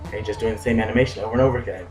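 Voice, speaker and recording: A man's voice: fairly low pitch, fairly even intonation, racing, a little mellow, echoey room, low-quality recording. A young man giving casual gameplay commentary with offhand, dry asides. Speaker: let's play host.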